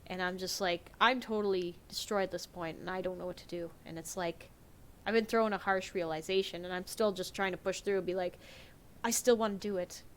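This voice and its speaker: A woman's voice: on the low side, steady tone, brisk, a little hiss or hum. Candid young woman retelling a hard time. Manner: candid, emotional retelling with many fillers and self-corrections. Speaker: vlogger. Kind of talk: casual personal storytelling.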